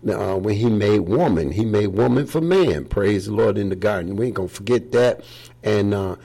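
A man's voice: on the low side, normal speed, vocal fry, mellow. A man preaching an informal sermon in a folksy, rambling way, often saying "praise the Lord.". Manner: rambling, with many fillers.

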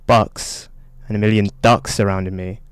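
A man's voice: lowish voice, level tone, unhurried, clean tone, no echo, clean studio sound, close to an everyday voice. A man playing a flustered bar patron in a joke, stammering as he talks. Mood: exasperated. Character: exasperated male barfly, easily worked up.

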